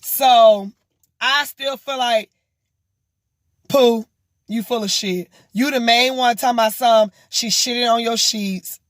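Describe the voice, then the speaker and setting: A woman vlogger recapping a reality show in blunt, profane, animated gossip commentary. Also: on the high side, moderate pace, no room sound, clean studio sound. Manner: animated, mocking and exasperated.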